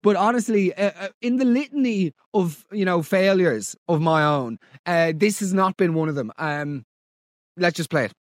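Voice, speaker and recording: An Irish man hosting a podcast, mocking listener stories in comic commentary with big theatrical swings in pitch. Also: animated, normal speed, no room sound, clean studio sound. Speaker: podcast host.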